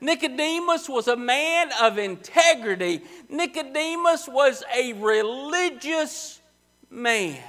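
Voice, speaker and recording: A man preaching a sermon in church, emphatic and repetitive, slowing down to stress key words. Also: extremely high pitch, lively intonation, a bit bright. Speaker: pastor. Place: church sanctuary.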